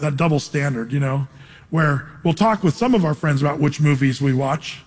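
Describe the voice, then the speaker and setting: A man preaching a sermon as pastor, talking conversationally and emphatically, with lively acted asides. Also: on the high side, slightly rough. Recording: hall reverb.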